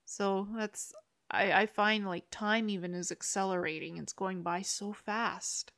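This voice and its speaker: An earnest, upbeat woman hosting a conversational interview about spirituality. She speaks at a mid pitch with a plain everyday tone, and sometimes slips into short acted voices to make her point. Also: steady tone, measured pace, a bit bright. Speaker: host.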